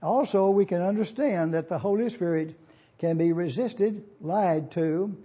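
A man preaching a sermon, teaching in a measured, formal pulpit manner and reading scripture aloud. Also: high-pitched, dark tone, slightly rough, muffled recording.

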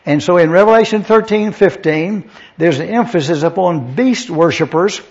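Guy preaching in a church, slow careful bible lesson spelling out greek, kinda high voice, dull recording. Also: lively intonation. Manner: methodical, spells out Greek words letter by letter. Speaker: pastor. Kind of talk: verse-by-verse Bible teaching.

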